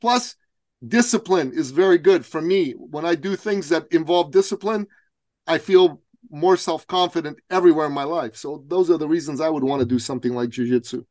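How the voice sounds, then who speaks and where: A man's voice: on the high side, brisk, a little mellow, no echo. A man hosting a podcast who talks candidly and casually and swears in passing. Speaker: podcast host. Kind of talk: casual conversation.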